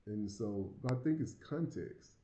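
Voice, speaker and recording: A vlogger from the United States who lives abroad, this American man has a Southern accent and a slight lisp, and he rambles casually to the camera, often repeating words and chuckling. His voice sits on the low side, expressive and dark-toned at a normal pace. The audio is poor, with a roomy sound.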